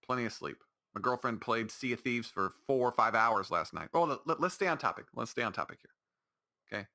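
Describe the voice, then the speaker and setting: Talking solo on his own podcast, this male host sounds bright and forceful at a medium pitch, animated and a little fast. His casual monologue rambles with exasperation and plenty of restarts.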